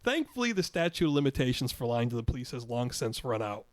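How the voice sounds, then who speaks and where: A man's voice: mid-range voice, very animated, fast talker. An older man in his eighties reading his own memoir story aloud, wry, chuckling now and then. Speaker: podcast storyteller.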